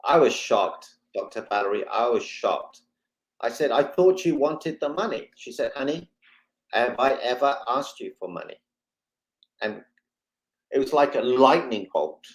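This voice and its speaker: A man, a guest on a talk show, telling a personal story with lively, dramatic retelling and quoted dialogue. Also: medium pitch, a little slow, pauses often, low-quality recording. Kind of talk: emotional storytelling.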